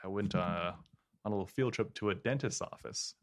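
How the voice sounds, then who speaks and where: Deadpan low-voiced man from Missouri. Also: a little fast. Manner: dry, deadpan quips. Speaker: guest host. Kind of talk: casual chat.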